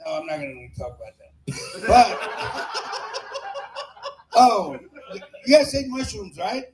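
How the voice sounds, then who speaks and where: Over crowd noise in an echoey bar room, a man with a high voice speaks unhurriedly and very animatedly. He's a stand-up comic on a small comedy bar stage doing a crude, rambling open-mic set, laughing at his own jokes on a handheld mic.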